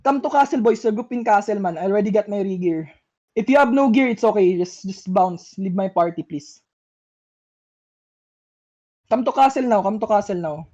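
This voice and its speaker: A woman's voice: medium pitch, animated, moderate pace, long pauses, mellow, highs cut off. A young woman calling shots in game voice chat, repeating urgent commands with exasperation. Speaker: shotcaller.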